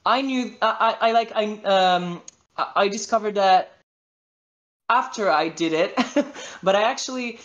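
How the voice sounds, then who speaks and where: A man's voice: sits high, measured pace, fairly bright tone, lo-fi sound. A man with an Italian accent, a voice actor guest in a podcast interview, speaking non-native English and searching for words with many restarts. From Italy. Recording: roomy echo.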